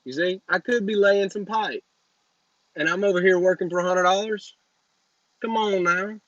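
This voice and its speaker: A man's voice: high voice, fairly even intonation, moderate pace, fairly bright tone, no room sound, lo-fi sound. A man in his thirties hosting a live Q&A as a business coach, talking in a brash, joking, motivational way into a phone. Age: 30s. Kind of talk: live Q&A stream.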